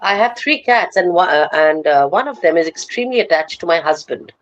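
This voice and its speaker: A woman with an Indian accent telling a story in an animated way on a live panel. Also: fairly low pitch, brisk, no echo, highs cut off. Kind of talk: live online panel chat.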